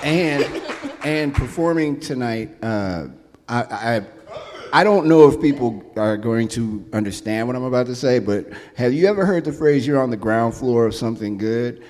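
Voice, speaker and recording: A man hosting a live radio show, chatty and upbeat with quick laughing asides. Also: mid-range voice, animated, a little mellow, long reverb tail. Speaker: radio host. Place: radio studio with live audience.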